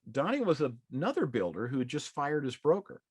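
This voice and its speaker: A man's voice: a little high, big pitch swings, fairly quick, husky, no echo. Middle-aged guy teaching real estate, folksy storyteller, dry close sound. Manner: folksy, conversational, acts out quoted dialogue. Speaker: real estate exam prep instructor. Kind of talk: anecdotal storytelling in a live class.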